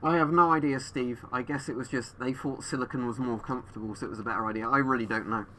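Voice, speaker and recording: A man answers his stream chat from home, thinking aloud and wandering between points. His bright, forceful voice comes out muffled through a gas mask and picks up a faint hum over the webcam mic. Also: medium pitch, fairly even intonation, quick pace. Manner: rambling, thinking aloud with fillers.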